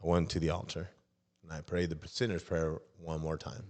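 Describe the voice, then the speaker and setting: A man's voice: rumbling low, little pitch movement, moderate pace, a little mellow. A middle-aged man telling his personal faith testimony as a podcast guest, acting out the dialogue with a raised voice. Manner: storytelling, acts out dialogue in raised voice.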